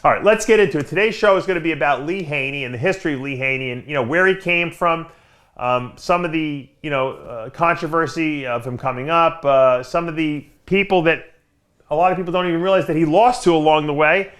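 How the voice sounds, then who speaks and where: A man's voice: a little high, fairly quick, a bit bright. A man hosting a podcast, telling stories in a casual, rambling way with lots of filler words. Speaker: podcast host. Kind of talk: casual storytelling chat.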